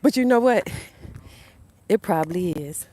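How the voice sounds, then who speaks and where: A woman in her fifties with a Southern US accent hosts a casual motivational livestream on a propped-up phone, standing on a narrow sidewalk beside a road. Her voice is lowish, expressive and dark in tone, and a little slow. Chatty, she speaks directly to her viewers and repeats herself, with faint traffic passing in the background.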